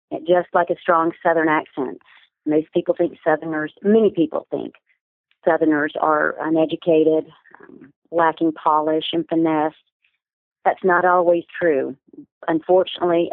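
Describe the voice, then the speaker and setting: A woman coach answering interview questions in a clear, articulate, teaching manner. Her voice comes through a thin, phone-like line. The sound is dry, with no room to it. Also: sits low, no echo. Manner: articulate, instructive, measured. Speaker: business communication coach, guest.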